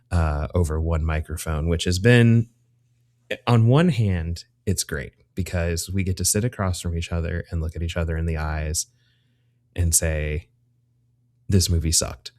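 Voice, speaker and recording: A man with a very low voice chats casually as a podcast host. He rambles and jokes, often stopping to correct himself. He speaks into his own microphone from a room at home. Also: darkish tone. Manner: rambling and jokey, corrects himself mid-sentence. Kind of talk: casual chat.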